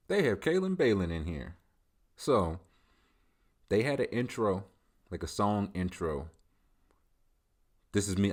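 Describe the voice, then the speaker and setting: Man, solo podcast host, very low voice, loose boastful banter, comedic commentary.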